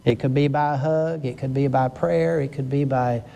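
An older man preaching a conversational sermon, earnest and emphatic, slowing down to stress his words. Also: medium pitch, fairly even intonation, gravelly, dark tone.

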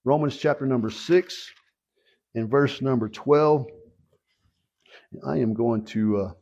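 A man's voice: medium pitch, slow pace, a little mellow, muffled recording. A man preaching a sermon and leading a prayer, earnest and repetitive, asking his listeners questions again and again. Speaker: pastor.

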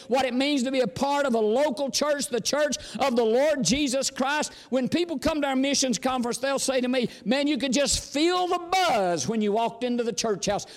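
A man's voice: very high voice, big-room sound. A man preaching a sermon, folksy and storytelling, sometimes exclamatory and sometimes chatty. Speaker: visiting preacher.

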